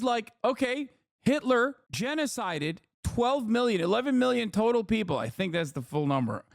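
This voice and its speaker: A man's voice: very high-pitched, very animated, normal speed, vocal fry, no room sound. A man reacting to a video as a streamer, ranting in casual, profane, sarcastic commentary on a close mic.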